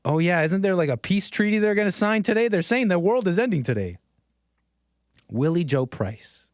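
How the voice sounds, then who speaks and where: A man's voice: high voice, sing-song, normal speed, dry recording. Sarcastic streamer guy riffing to chat, laughs a lot, super dry close sound. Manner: sarcastic, chuckling often; talks straight to chat. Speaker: livestream host. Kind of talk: political commentary livestream.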